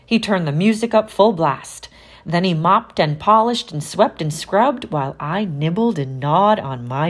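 A woman reading a children's storybook aloud, gentle and expressive. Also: low-pitched. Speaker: audiobook narrator. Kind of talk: storybook narration.

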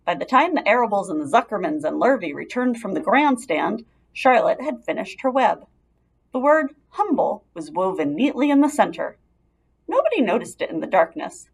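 Expressive woman reading a storybook. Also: mid-range voice, slightly rough. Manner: steady, expressive narration. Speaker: narrator.

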